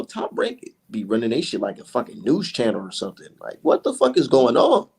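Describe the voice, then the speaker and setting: A man's voice: medium pitch, huge pitch swings, fairly quick, vocal fry, few pauses, darkish tone, husky. A man co-hosting a casual boxing chat, talking in a heated, profane, rambling way. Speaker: podcast co-host.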